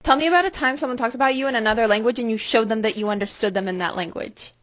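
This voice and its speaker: A woman asking a quick, flat question. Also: a little high. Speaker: prompt asker. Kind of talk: reading a question. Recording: dull lo-fi recording with hiss.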